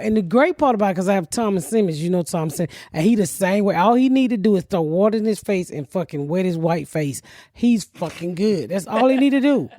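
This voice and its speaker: A middle-aged woman hosting a comedy podcast, a loud, profane storyteller who acts out everyone she quotes in casual chat. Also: mid-range voice, animated, a little fast, dry recording, studio quality.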